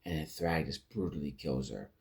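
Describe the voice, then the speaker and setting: A man gives a casual, rambling spoken review of a TV episode, retelling scenes, restarting sentences and acting out quotes. His very deep voice is gravelly and a little mellow, at normal speed.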